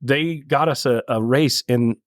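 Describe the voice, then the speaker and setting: A middle-aged man from California, a land speed racer, telling stories in a casual interview in an earnest, halting way with many restarts. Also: medium pitch, no room sound.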